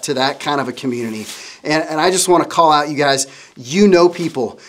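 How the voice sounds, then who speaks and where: A middle-aged man giving a kids' sermon as a children's pastor, telling stories in an animated way and often speaking to the kids as "you guys.". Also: a little high.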